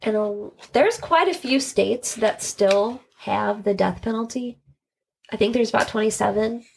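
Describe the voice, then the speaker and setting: A woman co-hosting a podcast, talking in a relaxed, informal way with lots of "like". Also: fairly high pitch, measured pace, gravelly, a little hiss or hum. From Northern Kentucky. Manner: relaxed, informal, uses "like" a lot, laughs along. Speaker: podcast co-host. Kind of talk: casual chat.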